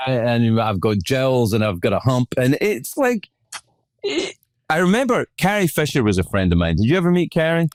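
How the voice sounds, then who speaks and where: A male podcast host in casual chat, animated, laughing easily and swearing casually. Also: mid-range voice, moderate pace, no echo, studio quality.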